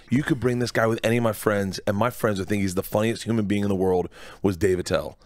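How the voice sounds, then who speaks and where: Telling stories as a guest in a relaxed radio studio, this comedian in his forties rambles with excitement and frequently starts sentences over. His pitch is fairly low.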